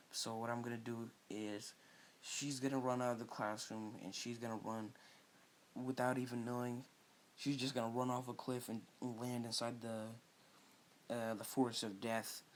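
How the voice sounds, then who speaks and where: A man's voice: mid-range voice, slight background noise. Rambling man telling a fan story. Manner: rambling, hesitant, with many fillers and restarts. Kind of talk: casual improvised fan-fiction narration.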